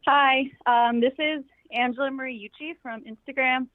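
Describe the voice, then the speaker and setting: A woman's voice: high voice, fairly even intonation, normal speed, no room sound. A woman caller introducing herself to a call-in show, upbeat and chatty. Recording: tinny phone line.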